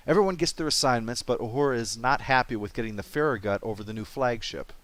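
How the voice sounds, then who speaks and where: A man's voice: mid-range voice, quick pace, fairly bright tone, dry recording, faint music behind. Sarcastic wisecracking male game reviewer. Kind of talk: comedic review narration.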